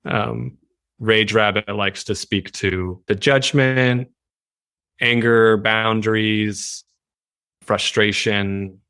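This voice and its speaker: Man, interview guest, casual chat, animated, lowish voice, dry close sound. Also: drawn-out words, clear, resonant tone, no echo. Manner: animated, laughs often. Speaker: writer, guest.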